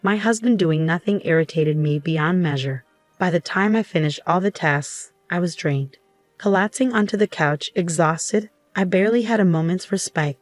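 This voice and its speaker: A woman telling a first-person story as narrator in an even, steady scripted delivery. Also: on the low side, normal speed, no echo, faint music behind.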